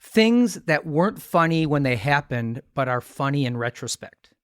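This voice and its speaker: A man's voice: fairly high pitch, big pitch swings, normal speed, clear, resonant tone, no echo, clean studio sound. A middle-aged man hosting a podcast, swapping rambling anecdotes in casual chat. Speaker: podcast host.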